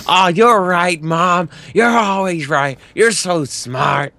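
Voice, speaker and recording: A man's voice: high voice, takes it slowly, bright, forceful tone, dry recording, voice pushed up, heavily acted. A man hamming up a sulky young man whining back at his mother. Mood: whiny.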